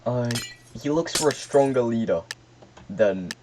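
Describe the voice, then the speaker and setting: A man's voice: medium pitch, animated, unhurried, background noise. A man rambling through a casual, sweary history explanation while getting distracted by the game he is playing. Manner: loose and offhand, trails off.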